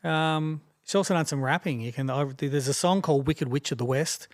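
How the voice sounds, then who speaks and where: An Australian man in his fifties, a rapper chatting casually as a podcast guest, talking quickly and rambling. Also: fairly high pitch. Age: 50s. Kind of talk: casual chat.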